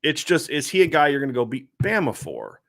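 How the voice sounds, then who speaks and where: A man's voice: a little high, huge pitch swings, a little fast, creaky, a bit bright. A man hosting a sports talk podcast, chatting casually and rambling with lots of filler words. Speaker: podcast host.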